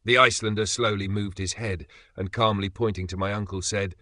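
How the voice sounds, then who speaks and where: Bright-voiced male audiobook narrator. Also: fairly low pitch, steady tone, a little fast, few pauses, dry recording, clean studio sound.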